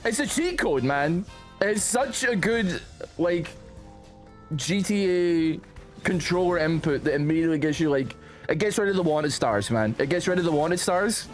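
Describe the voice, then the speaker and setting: A man, streaming and chatting casually, rambling and animated, often calling his viewers "man". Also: a little high, normal speed, faint music behind. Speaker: streamer reacting to posts.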